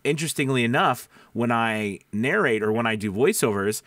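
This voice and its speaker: This expressive voice-over coach talks at a moderate pace in a medium-pitched, somewhat nasal, fairly bright voice with no room sound. Addressing the camera, he gives voice actors relaxed advice, restarting sentences and quizzing his viewers.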